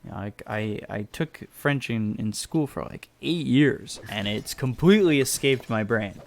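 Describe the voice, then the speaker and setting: A man's voice: mid-range voice, animated, measured pace, creaky. A man, doing laid-back and chatty commentary on an esports match. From United States. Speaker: esports caster. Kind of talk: casual play-by-play commentary.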